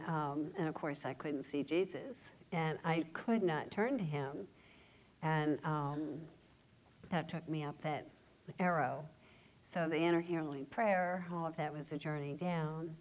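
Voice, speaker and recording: A woman giving a personal testimony in church, speaking earnestly with pauses and fillers. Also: low voice, a little mellow, poor audio. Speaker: church member sharing testimony.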